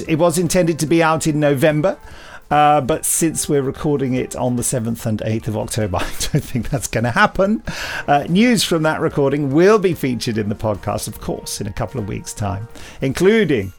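A man with a gravelly voice talks casually as a podcast host. He sounds self-deprecating and playful, and he often restarts his sentences. Faint music plays under his voice. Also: medium pitch, expressive, fairly quick. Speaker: podcast host and writer-director.

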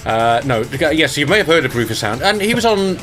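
A man's voice: fairly high pitch, big pitch swings, brisk, a bit bright, soft background music. An Irish man in casual podcast chat, reading out the news in a distracted, self-mocking way, stumbling over names. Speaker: sound designer reading the news.

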